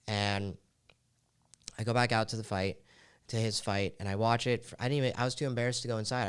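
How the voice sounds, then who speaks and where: A man's voice: fairly low pitch, fairly bright tone, smooth. A man hosting a podcast, telling a personal story in a raw, confessional way full of casual fillers like "like.". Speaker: podcast host.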